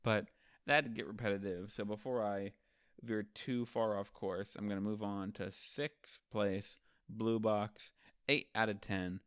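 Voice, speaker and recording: A man's voice: lowish voice, little pitch movement, a little slow, a bit bright, smooth, no echo, studio quality. A man hosting a casual manga ranking show, recapping chapters in a loose, profane, chatty way and acting out the characters' lines.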